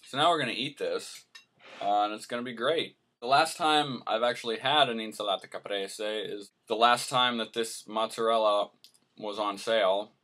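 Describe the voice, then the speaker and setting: A man's voice: lowish voice, moderate pace, sharp tone. A man hosting a casual cooking vlog, joking and telling playful mock-serious tall tales as he cooks in a home kitchen. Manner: hums to himself while cooking. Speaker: host.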